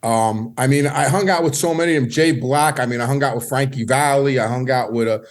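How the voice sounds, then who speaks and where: This middle-aged man, medium-pitched and fairly quick, recalls his past as a guest on a podcast. He wanders casually through the stories, repeating words and often starting sentences over.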